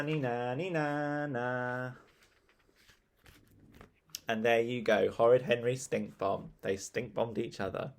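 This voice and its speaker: A man reading a children's story aloud in a relaxed, playful way. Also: medium pitch.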